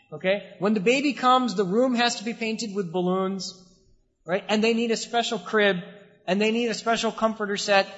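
A man's voice: sits high, fairly bright tone. A man giving a sermon in a mosque hall, using rhetorical questions and repetition with shifting emphasis. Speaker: preacher. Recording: dull sound with long hall reverb.

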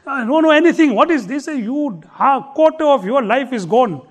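A man's voice: very high voice, animated, normal speed. A man voicing a plain-spoken village boatman who teases back and slips Hindi words into his talk. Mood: dismissive. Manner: blunt, teasing, mixes in Hindi words.

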